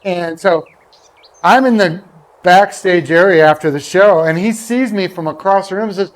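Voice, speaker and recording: A man's voice: sits high, moderate pace. A man telling a long, rambling golf anecdote in casual chat, acting out the people he quotes. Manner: rambling storyteller, acts out quoted voices. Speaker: guest golfer.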